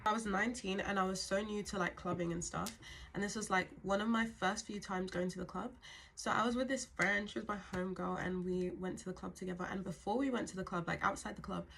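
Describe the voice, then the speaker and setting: A woman's voice: mid-range voice, fairly even intonation, fast, creaky, a bit bright, slight background noise. A woman in her twenties telling a casual storytime, chatty with lots of asides to her viewers.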